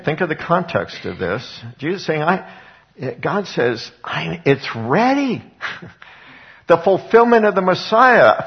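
A man's voice: sits high, muffled recording. A man preaching a conversational sermon, retelling a parable with frequent restarts and asides. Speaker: pastor.

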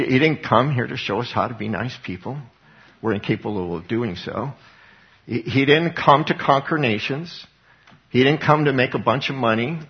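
A man's voice: mid-range voice, husky, lo-fi sound. A man preaching a sermon as pastor, earnest and conversational, often repeating his words.

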